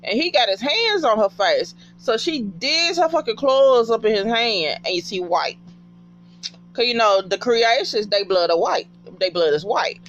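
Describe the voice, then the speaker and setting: A woman giving a casual TV episode recap in an animated, profane way and talking back to the characters. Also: fairly high pitch, unhurried, dull audio.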